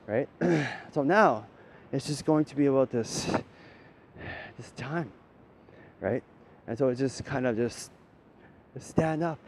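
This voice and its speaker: A man giving a rambling spiritual monologue, often ending his points with "right?" and swearing casually. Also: a little mellow. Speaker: spiritual talker. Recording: dull lo-fi audio with faint rumble.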